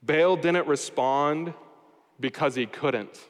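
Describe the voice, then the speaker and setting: A man's voice: a little high, slow pace. A man preaching a sermon, explaining a scripture passage verse by verse and adding wry everyday asides. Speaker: pastor. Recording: long hall reverb.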